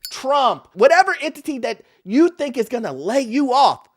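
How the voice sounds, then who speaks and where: A man's voice: very high-pitched, very animated, moderate pace. A man hosting a commentary show, reacting to clips with laughter and talking straight to his viewers. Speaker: host. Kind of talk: commentary on social media clips.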